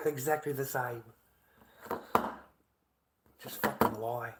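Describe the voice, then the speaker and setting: A man's voice: mid-range voice, fairly even intonation, takes it slowly, noisy background. An Australian man in a casual livestream rant who swears and keeps repeating himself in an aggrieved way.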